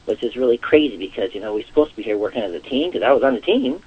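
A man's voice: medium pitch, very animated, very fast, breathy edge, highs cut off. A man talking as a psychic guest in a casual interview, rambling and leaning on the word "actual" again and again. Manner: rambling, repeats "actual" often.

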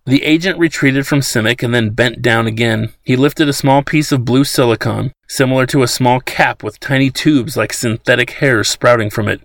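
A man narrating an audiobook in a steady storytelling manner. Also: medium pitch, normal speed, gravelly, no room sound.

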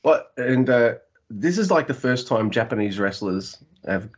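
A man's voice: medium pitch, lively intonation, a little slow, breathy edge, muffled recording. A man co-hosting a podcast, chatting casually and jokingly about a wrestling show. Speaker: podcast co-host. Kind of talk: casual wrestling recap chat.

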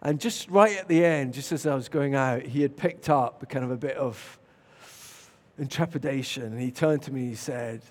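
Preacher in an echoing hall. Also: male voice, medium pitch, normal speed. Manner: animated, shifts to loud shouts and quiet reflection. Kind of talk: sermon with storytelling. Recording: long reverb of a large hall.

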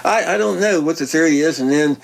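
An older man, a retired football coach telling stories in a halting, folksy way, often repeating words. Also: on the high side, creaky, poor audio. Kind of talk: casual interview chat.

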